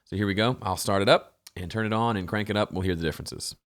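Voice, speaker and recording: A man's voice: lowish voice, fast, loud music behind the voice. A man hosting a home studio mixing tutorial, talking casually with frequent fillers and restarts. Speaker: host.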